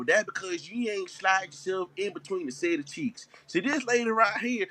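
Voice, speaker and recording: A man's voice: high-pitched, moderate pace, few pauses, heavy background noise. A man co-hosting a live online show, joking in casual banter and often repeating himself. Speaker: co-host.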